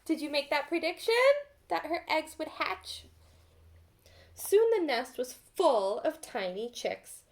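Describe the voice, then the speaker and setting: A woman reading a storybook aloud to children as a teacher, gently pausing to ask them questions. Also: sits high, big pitch swings.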